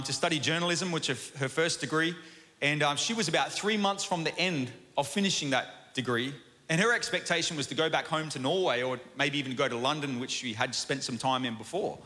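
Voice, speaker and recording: Australian man preaching, high bright voice, chatty and animated, big hall reverb. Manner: animated, chatty, asks "right?" often. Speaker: pastor. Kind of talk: sermon with personal story. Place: church auditorium.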